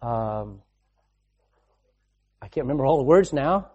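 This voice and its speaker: Mellow-voiced preacher delivering a dramatic sermon. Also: male voice, medium pitch, animated, measured pace, breathy edge, muffled recording. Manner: dramatic swings between loud and hushed delivery; repeats phrases for emphasis.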